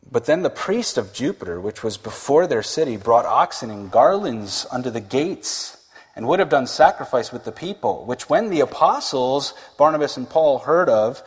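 Husky man preaching in echoing hall. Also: medium pitch. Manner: conversational, laughs often, acts out quoted speech. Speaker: pastor. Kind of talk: sermon.

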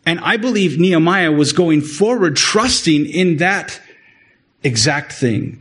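A man preaching a sermon in an earnest way, often repeating words and rising in pitch to stress a point. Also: lively intonation, unhurried, fairly bright tone, slightly rough. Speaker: pastor.

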